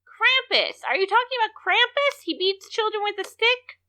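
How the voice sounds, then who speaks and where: A woman's voice: very high voice, very animated, moderate pace, pushed and bright, slight background noise. A woman co-hosting a comedy podcast, chatting casually and firing off incredulous questions. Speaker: podcast co-host.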